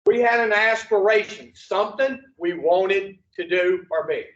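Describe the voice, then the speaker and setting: Blunt, profane counselor man, high voice. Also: unhurried. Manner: blunt and profane, with rhetorical questions. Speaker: addiction recovery counselor. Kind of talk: group lecture with audience questions. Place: echoey group room. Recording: distant, echoey, dull room recording.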